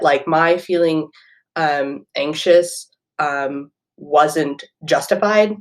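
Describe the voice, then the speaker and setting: A woman in her thirties hosting a podcast from home, talking earnestly in a rambling way with many fillers and restarts. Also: on the low side. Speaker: podcast host, teacher. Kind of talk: casual solo podcast talk. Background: washing machine running.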